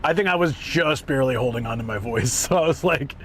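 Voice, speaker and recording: A man chatting on a live stream, excitable and rambling, who swings between a higher hyped voice and a deeper relaxed one, his voice strained from hours of talk. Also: brisk, few pauses, a little hiss or hum. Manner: rambling and excitable, trailing off and restarting. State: voice strained from talking a lot. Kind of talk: casual live stream chat.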